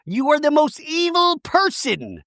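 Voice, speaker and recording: A man putting on the voice of a furious, dramatic woman in a high mocking impression. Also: huge pitch swings, measured pace, bright, forceful tone, no echo, studio quality, exaggerated voice. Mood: outraged.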